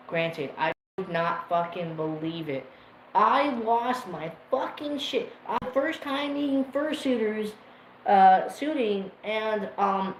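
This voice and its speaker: A man chats to his live audience in loose, rambling storytelling. He gets emotional and swears without a second thought. His voice rings in a roomy space over a faint background hum. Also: high voice. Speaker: livestream host. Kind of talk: casual storytelling to a live chat. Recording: roomy echo with faint ambient noise.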